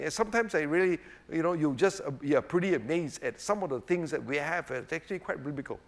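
A man's voice: fairly high pitch, quick pace, few pauses. A man preaching a sermon, emphatic and rhetorical, often checking with his listeners. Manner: emphatic, rhetorical, keeps asking "right?" and saying "obviously".

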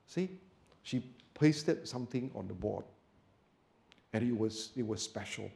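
A male preacher telling a story in a sermon, going from soft, quiet storytelling to loud, emphatic preaching. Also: on the low side, lively intonation, unhurried, vocal fry, long pauses.

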